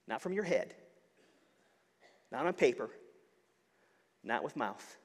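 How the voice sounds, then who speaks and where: A man's voice: medium pitch, very animated, normal speed, long pauses, slightly rough, big-room sound. A man preaching a sermon as pastor, earnest, often repeating words as he searches for them.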